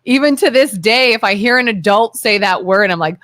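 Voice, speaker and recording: A woman's voice: mid-range voice, animated, fairly bright tone, dry recording, clean studio sound. Chatty woman co-host. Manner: chatty storyteller, quick agreeing interjections. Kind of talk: casual talk radio chat. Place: radio studio.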